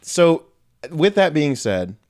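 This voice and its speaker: A man's voice: on the high side, big pitch swings, slow pace, a little mellow. A young man in his twenties co-hosting a podcast in casual chat, joking and teasing, breaking into laughs and goofy voices. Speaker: podcast co-host.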